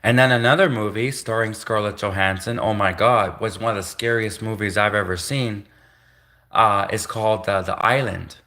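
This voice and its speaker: Rambling livestreaming man, bright tone. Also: fairly low pitch, moderate pace. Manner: rambling, repetitive, conspiratorial, self-interrupting. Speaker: livestream host. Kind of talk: rambling live-stream monologue. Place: home live stream.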